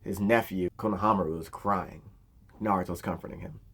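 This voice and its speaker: A man's voice: deep voice, steady tone, brisk, fairly bright tone. A man casually retelling an anime story in a slangy, conversational way. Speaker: anime recap narrator.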